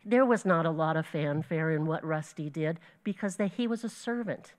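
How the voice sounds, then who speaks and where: A woman's voice: low voice, moderate pace, darkish tone. A woman teaching a Bible lesson to her group, earnest and storytelling, with small slips she corrects as she goes. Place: church gathering.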